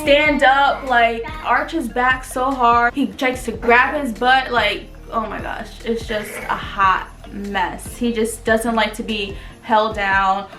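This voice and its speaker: A young mother chatting to her viewers in a high, bright-pitched voice, full of "like" fillers. The room rings with echo, and soft music plays underneath. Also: fairly even intonation, slow, few pauses. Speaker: mother and family vlogger. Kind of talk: casual chat to camera.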